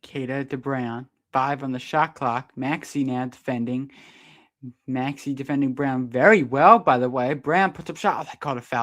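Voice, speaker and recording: A man doing live fan play-by-play of a basketball game, partisan and quick to protest the referees' calls. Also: mid-range voice, fairly bright tone. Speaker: sports streamer doing play-by-play.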